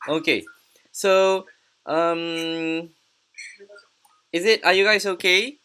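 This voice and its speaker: A woman teaching English pronunciation in an online class, patient and encouraging, repeating words slowly. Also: on the low side, steady tone, fairly bright tone, smooth.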